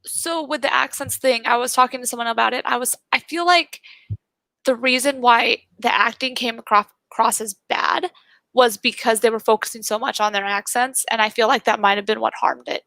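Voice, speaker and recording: Gravelly-voiced woman guest on a podcast. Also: a little high, steady tone, brisk, pushed and bright, no echo. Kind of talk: casual movie talk.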